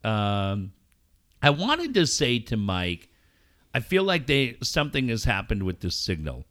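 A man's voice: fairly low pitch, huge pitch swings, measured pace, a bit bright. A man, a sports radio host, joking and ribbing his co-host in casual podcast banter, swearing freely. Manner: joking, mock-emotional, profane.

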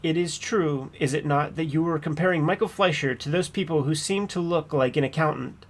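A man playing a persistent trial attorney, slightly high voice. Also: natural voice. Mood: pressing. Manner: measured, pointed cross-examination. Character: persistent male trial attorney pressing a witness. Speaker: trial attorney questioning a witness. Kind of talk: courtroom transcript reading.

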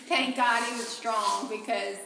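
A woman sharing an emotional personal testimony in a halting, soft-spoken way, often repeating her words. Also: a little high, heavy reverb, a little hiss or hum, poor audio.

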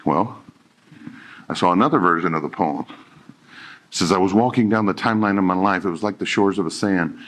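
A man's voice: low-pitched, moderate pace, pauses often, fairly bright tone. A middle-aged male pastor giving a conversational sermon, joking and acting out quoted dialogue.

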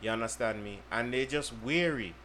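A man's voice: mid-range voice, normal speed, pushed and bright, slight background noise. A man hosting a casual podcast chat, explaining at length and checking in with "you understand me". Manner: earnest, repeats "you understand me". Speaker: podcast host.

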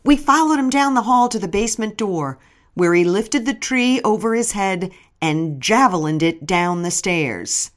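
A middle-aged woman reading her own memoir aloud with a wry, storytelling touch. Her pitch sits in the middle, but it swings widely and lively through each line. The narration is scripted and even-paced. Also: unhurried.

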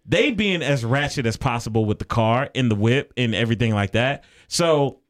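A podcast co-host tells a story in a casual, animated way, acting out the people he quotes. His voice is mid-range and moves at a normal speed.

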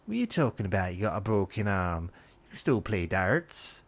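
Man doing dismissive bloke, put-on accent, scoffing, brash, low voice. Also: sing-song, normal speed.

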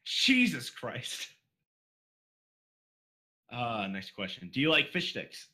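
A man's voice: medium pitch, expressive, moderate pace, sharp tone. A man hosting a casual podcast, reading out listener questions and swearing freely. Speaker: podcast host.

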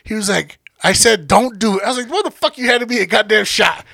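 A man's voice: sits high, fast, creaky, no room sound, clean studio sound. A young man casually telling a profane party story, acting out what everyone said and laughing often. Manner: animated, acts out quotes, laughs often. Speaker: podcast guest storyteller.

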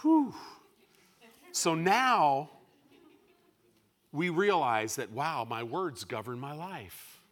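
A man preaching a sermon to a congregation, moving between loud, emphatic bursts and quiet, measured asides. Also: fairly high pitch, very animated.

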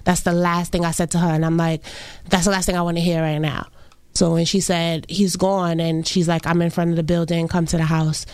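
A young woman, recounting a personal loss in an interview, halting and full of restarts. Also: on the low side, flat delivery, a little mellow, clean tone, no echo. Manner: halting, many fillers and restarts. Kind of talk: emotional personal account.

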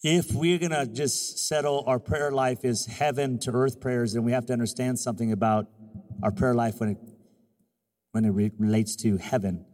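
A man preaching a sermon as pastor, moving from quiet, confiding talk to loud call-and-response exhortation. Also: fairly even intonation, moderate pace, long reverb tail. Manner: soft, low, confiding in personal stretches.

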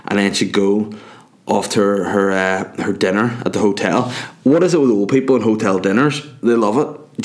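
A young man, rambling through a crude comic monologue full of tangents. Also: fairly low pitch. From Ireland.

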